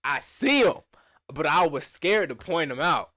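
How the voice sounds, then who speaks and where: A man's voice: fairly high pitch, measured pace, no echo. A young man from Atlanta, telling a casual slangy story and acting out the quotes. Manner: animated slangy storytelling with lots of acted-out quotes. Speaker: storyteller vlogger.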